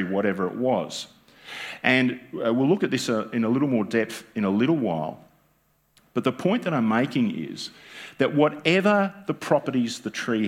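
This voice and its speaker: Preaching in church, an Australian pastor speaks with a medium-pitched, fairly bright voice. His sermon is conversational and joking, with many rhetorical questions to the congregation.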